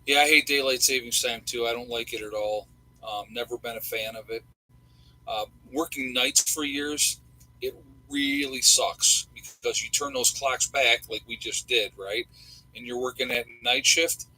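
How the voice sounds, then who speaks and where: A middle-aged man hosts a casual livestream, rambling in a folksy way with plenty of fillers. His voice is very bright and husky, sitting at an ordinary pitch for a man. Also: fairly even intonation, moderate pace, low-quality recording. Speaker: livestream host.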